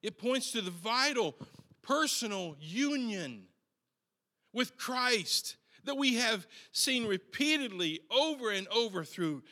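A male preacher with a high, bright voice delivers a sermon at a slow, deliberate pace. He speaks earnestly and often circles back to repeat a word before going on. His voice rings out with the long reverb of a large church hall. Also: sing-song. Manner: earnest, slow, with frequent restarts and repeated words.

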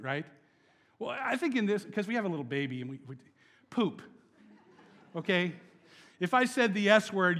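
A young adult man delivers a sermon as a pastor, shifting animatedly from hushed readings of scripture to loud, laughing emphasis. His voice is a little high, and a long reverb tail trails behind it.

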